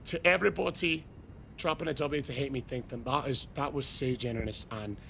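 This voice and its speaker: A man streaming a game live, loudly toasting and thanking his chat with shouted cheers. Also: medium pitch, steady tone, fairly quick, creaky, slight background noise. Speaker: gaming streamer.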